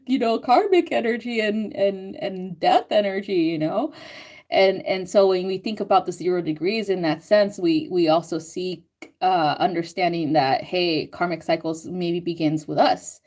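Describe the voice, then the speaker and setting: A young woman reading out live chat comments on a stream, chatting casually with frequent swearing, laughter and animated self-quotes. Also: lowish voice, moderate pace. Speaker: astrology and tarot reader reading live chat.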